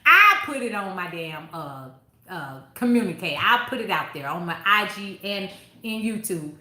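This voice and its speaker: A woman's voice: medium pitch, big pitch swings, normal speed, pushed and bright, echoey room. A woman hosting a book club review in casual chat, talking bluntly and with plenty of profanity, and breaking off to answer viewers mid-sentence.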